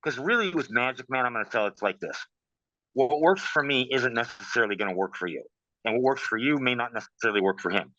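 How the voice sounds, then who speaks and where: A man talking casually in an interview, telling stories in a lively way and saying "man" and "bro" a lot. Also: mid-range voice, quick pace, no echo. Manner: animated storytelling, says "man" and "bro". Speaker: guest practitioner. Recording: dull, dry sound.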